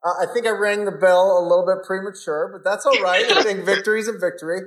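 An enthusiastic host keeps a casual interview moving with lots of chatty remarks. The voice sits in a middle pitch, and the room sounds noticeably echoey. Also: steady tone, fast talker. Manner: enthusiastic, chatty, laughs often. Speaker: podcast host. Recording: roomy sound.

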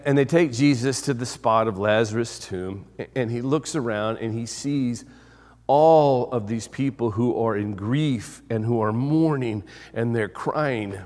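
Dynamic male preacher in a reverberant hall. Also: mid-range voice. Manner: dynamic preaching, swinging from loud to hushed, with repeated phrases. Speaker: pastor. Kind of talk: sermon.

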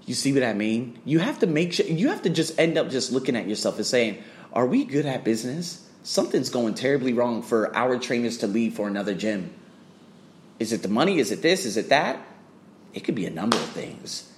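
A man's voice: mid-range voice, big pitch swings, brisk. A man ranting bluntly to camera about business, swearing often and firing off rhetorical questions. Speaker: fitness trainer.

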